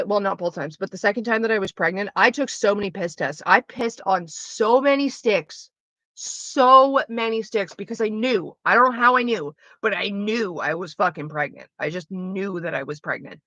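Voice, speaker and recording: Young woman, candid streamer chat, sharp bright tone, curses a lot; dry, slightly muffled close mic. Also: mid-range voice, no room sound. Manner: blunt, profane and animated.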